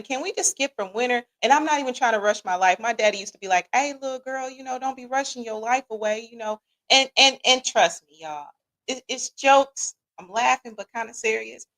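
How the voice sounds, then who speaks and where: Midwestern woman host, kinda high voice, super animated and jokey, chatting with the chat. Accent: Midwestern American. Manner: lively, joking, talks to the chat. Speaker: podcast host reading live chat. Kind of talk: casual livestream chat.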